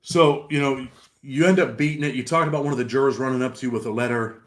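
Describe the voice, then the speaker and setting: A male interviewer asking brisk follow-up questions. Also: mid-range voice, steady tone.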